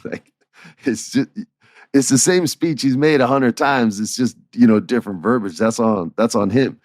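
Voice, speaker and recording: A man hosting a podcast, telling stories in a casual, animated way, chuckling and acting out dialogue. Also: medium pitch, moderate pace, no echo, studio quality. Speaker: podcast host. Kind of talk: casual storytelling.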